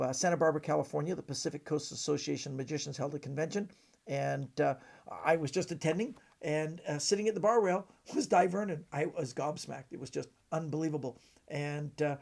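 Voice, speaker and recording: A middle-aged man from Canada, telling stories in a halting way with many fillers. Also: a little high, vocal fry, a little mellow. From British Columbia, Canada. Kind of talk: casual storytelling.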